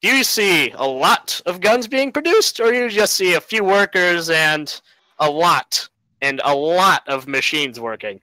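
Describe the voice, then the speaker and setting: A man's voice: high-pitched, expressive, a little slow, bright, forceful tone, dry recording, rough recording. A man giving a rambling, casual debate argument, full of fillers and little laughs.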